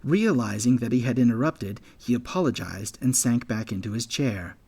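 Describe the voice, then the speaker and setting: Male audiobook narrator, measured delivery. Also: mid-range voice, expressive, darkish tone, breathy edge. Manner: measured storytelling, voicing all characters. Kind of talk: scripted narration.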